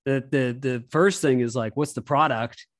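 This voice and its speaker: A man in casual podcast chat who rambles and stumbles over his words. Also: mid-range voice. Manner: rambling, halting, swears freely. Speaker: podcast guest.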